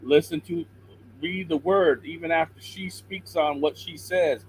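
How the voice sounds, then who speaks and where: A middle-aged man calling in to a talk show over a video call, a little hoarse, talking earnestly and preaching from scripture. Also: on the high side, fairly even intonation, measured pace, a little mellow, slight background noise, poor audio. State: slightly hoarse throat. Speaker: caller. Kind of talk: call-in chat and Bible encouragement.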